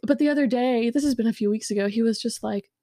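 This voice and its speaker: A woman in her thirties co-hosting a podcast, telling stories in a casual, animated and crude way, full of fillers and restarts. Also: fairly high pitch, quick pace, no echo, studio quality. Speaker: podcast co-host. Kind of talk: casual storytelling chat.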